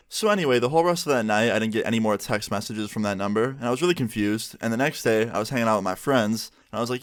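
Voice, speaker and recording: A young man telling a casual storytime on his vlog, chatty and animated as he reads out text messages. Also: mid-range voice, rapid-fire, hardly any pauses. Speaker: vlogger.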